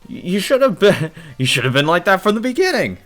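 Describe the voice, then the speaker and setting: A man's voice: high voice, very animated, brisk, faint music behind, pitched above the performer's own voice. A man doing a jeering young street punk. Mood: mocking. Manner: shouting, cursing. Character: rough young male street punk, thuggish and mocking.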